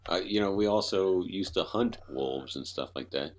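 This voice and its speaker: A man's voice: low voice, moderate pace. A man co-hosting a casual podcast, talking in a blunt, wry way. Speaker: podcast co-host.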